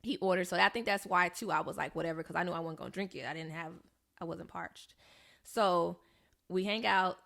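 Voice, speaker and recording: Animated young woman telling a story, gravelly. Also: on the low side, brisk. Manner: animated storyteller, acts out quoted voices. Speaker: podcast co-host. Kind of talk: casual storytelling chat.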